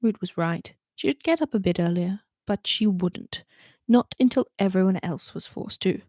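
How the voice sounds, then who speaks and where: A woman reads a novel aloud at a middle pitch and adds chatty asides between the passages. The sound is close and dry. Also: lively intonation, moderate pace, a little mellow, no echo. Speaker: reader. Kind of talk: reading a novel aloud with character voices.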